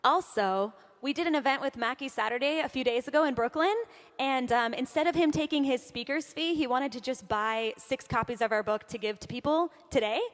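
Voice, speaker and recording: A woman's voice: high voice, a little fast. A young woman from Southern California giving a chatty, upbeat talk on stage, laughing often. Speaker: conference speaker. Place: large hall on stage. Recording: long hall reverb.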